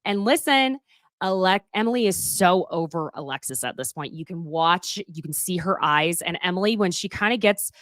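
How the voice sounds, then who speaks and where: A woman in her thirties co-hosting a casual recap chat, animated and profane, slipping into quick impressions of the people she talks about. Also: lowish voice, no echo, clean studio sound. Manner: animated, profane, mimics people with put-on voices. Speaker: podcast co-host.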